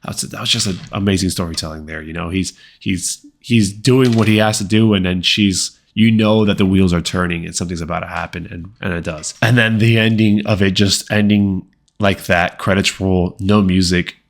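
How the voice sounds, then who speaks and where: A man's voice: deep voice, fairly even intonation, moderate pace, vocal fry. A man reviewing a movie in a casual, conversational way, full of fillers and repeated words. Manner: acts out quoted lines. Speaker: film reviewer.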